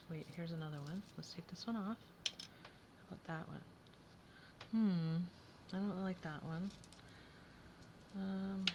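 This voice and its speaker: A woman's voice: lowish voice, heavy background noise. A woman chatting casually as she works on a craft project, thinking aloud and often dropping to a whisper.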